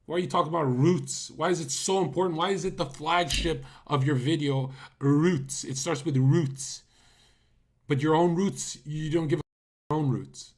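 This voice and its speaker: A man's voice: fairly high pitch, moderate pace. A man hosting a casual livestream, reacting to clips and ranting at his chat in a blunt, mocking way, speaking into a condenser mic. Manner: blunt, mocking, rants at viewers. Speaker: livestream host. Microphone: USB condenser mic.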